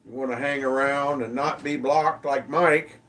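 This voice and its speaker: Slow, easygoing man hosting a livestream. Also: mid-range voice, fairly even intonation, fairly bright tone, recorded from a distance. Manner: slow, easygoing, greets viewers by name. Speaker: livestream host. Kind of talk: casual livestream chat reading comments.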